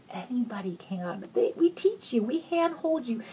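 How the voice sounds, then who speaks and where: A woman in her thirties giving an emotional recruitment pitch, earnest and gushing, near tears at times, swinging between excited highs and hushed near-whispers. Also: unhurried, a little hiss or hum. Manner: earnest and gushing, says "you guys" a lot, voice rising and dropping to near whispers. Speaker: sales recruiter.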